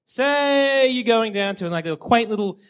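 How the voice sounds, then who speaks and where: Man, high voice, bouncy intonation, casual comedic banter, animated storyteller. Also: unhurried, clear, resonant tone.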